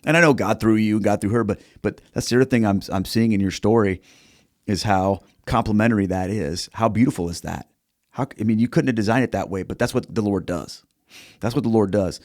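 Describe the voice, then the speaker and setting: A man's voice: lowish voice, a little fast, darkish tone, dry recording, studio quality. A man hosting a faith interview, reflective and conversational, building on his guest's story. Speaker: podcast host.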